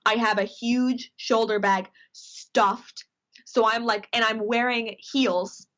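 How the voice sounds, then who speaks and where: Brief: woman from Minnesota, cohost on a video call, slightly high voice, chatty storyteller who acts out the quotes. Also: takes it slowly. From Minnesota, USA. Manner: animated storyteller, acts out quoted dialogue, many fillers. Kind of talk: casual chat.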